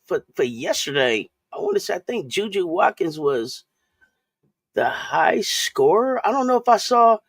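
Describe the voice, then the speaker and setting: Speaking at a measured pace in a breathy, lowish voice with big swings in pitch, this woman hosts a relaxed sports chat stream. She talks loosely, circling back over her words and saying hello to chat viewers, recorded close and dry without echo.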